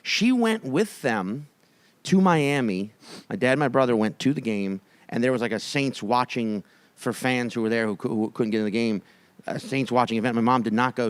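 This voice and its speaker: A man in his thirties co-hosting a comedy podcast, telling stories in an animated way and swearing freely. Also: medium pitch, normal speed, no echo. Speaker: podcast co-host. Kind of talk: casual comedic chat.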